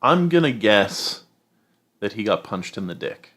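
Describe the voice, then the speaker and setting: A man with a fairly low voice co-hosting a podcast. He rambles through his opinions in a loose, casual way, filling the gaps with "you know" and "uh". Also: very animated, unhurried, fairly bright tone. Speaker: podcast co-host.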